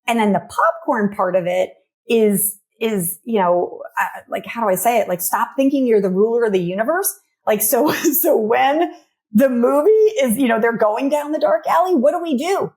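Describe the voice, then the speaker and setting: Animated, chatty woman coaching parents. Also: on the high side, moderate pace. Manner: animated storyteller, acts out voices in anecdotes; chatty with frequent "like" and "you know". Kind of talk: casual podcast conversation.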